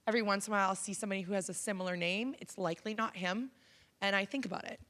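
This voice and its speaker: Her mid-range voice races along with a slightly bright edge. She's a woman in her thirties from Canada, delivering a frank, conversational personal-story keynote in a college auditorium, peppered with ums.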